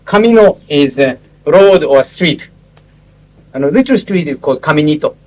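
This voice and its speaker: A man's voice: on the high side, animated, a little mellow, low-quality recording. Man lecturing. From Japan. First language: Japanese. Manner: explanatory, halting, with frequent pauses and asides. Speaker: lecturer on interpreting. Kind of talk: classroom lecture with visual aids.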